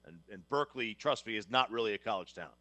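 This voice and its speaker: A man from New Jersey co-hosting a casual sports talk show, emphatic and quick to restart his sentences. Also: lowish voice, expressive, pushed and bright, no echo. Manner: emphatic, repeats words when starting sentences. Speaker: sports radio co-host.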